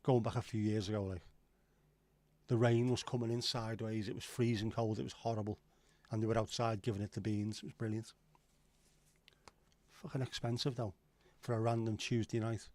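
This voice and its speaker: A man's voice: on the low side, level tone, normal speed, darkish tone, dry recording. A middle-aged man hosting a casual livestream, rambling, swearing now and then and answering chat comments. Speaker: livestream host.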